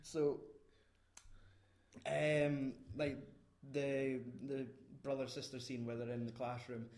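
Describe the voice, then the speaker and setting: A man's voice: mid-range voice, flat delivery, takes it slowly, darkish tone. A man in a casual, rambling film chat, full of fillers and swearing. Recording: roomy echo.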